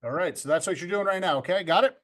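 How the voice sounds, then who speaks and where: Talking fast in a high, somewhat bright voice, a video club instructor leads a video-editing lesson over a video call. He's in a home room with a green screen, upbeat and playful, calling on students by name.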